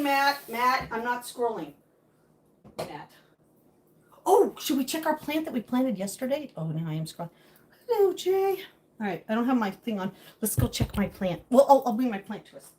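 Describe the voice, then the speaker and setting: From her home kitchen, a high-pitched woman hosts a live stream, cooking while she chats casually, jokes, and answers viewer comments.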